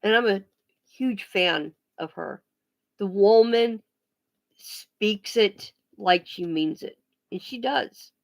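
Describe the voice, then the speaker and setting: A woman ranting bluntly on a casual vlog, swearing freely and often restarting her sentences. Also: medium pitch. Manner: blunt, profane, emphatic; halting restarts and pauses. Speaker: vlogger.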